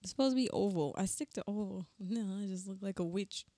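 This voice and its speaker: A woman's voice: medium pitch, brisk, dark tone, no echo. A young woman co-hosting a podcast in casual chat, playful and laughing often. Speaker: podcast co-host.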